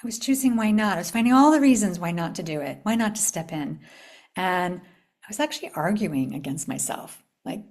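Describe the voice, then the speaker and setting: A middle-aged woman from the United States hosting a live spiritual retreat talk, telling a story with upbeat invitations and soft, hushed stretches. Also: on the low side, expressive, brisk. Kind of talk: live online talk to a group.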